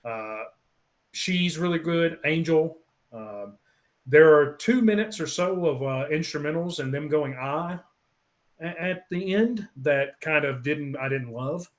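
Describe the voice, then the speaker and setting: A man's voice: fairly high pitch, animated, unhurried. Man, podcast co-host, casual chat, rambling, lots of ums, track-by-track review. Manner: rambling, many ums, lists songs one by one.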